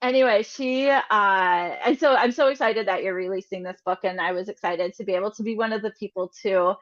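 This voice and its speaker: A woman's voice: medium pitch, fairly quick. Gushing woman on a dull lo-fi line. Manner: enthusiastic, gushing, giggly. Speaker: interviewer, host. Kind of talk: casual video interview.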